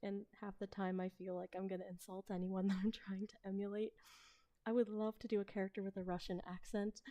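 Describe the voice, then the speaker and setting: Mellow Midwestern American woman chatting. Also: mid-range voice, little pitch movement, a little fast. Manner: hesitant, chatty, slips into soft whispers. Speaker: ASMR role-play streamer. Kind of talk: casual live-stream chat.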